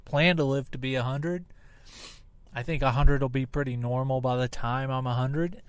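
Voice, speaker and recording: A man in his thirties hosts his own podcast, swearing and rambling while still recovering from surgery. His voice is smooth and mid-pitched. He talks straight into a laptop mic that sounds hot, crisp and poppy. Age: 30s. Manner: profane, rambling, self-deprecating. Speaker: podcast host. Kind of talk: casual solo podcast monologue. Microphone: laptop mic on a video call app, close and popping.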